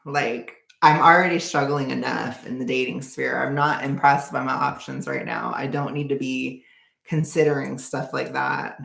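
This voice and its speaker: A woman's voice: rumbling low, fairly even intonation, normal speed, creaky, a bit bright. A young adult woman streaming casually, reading viewer comments and reacting in a blunt, sarcastic way. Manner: blunt and sarcastic, laughs often. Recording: echoey room.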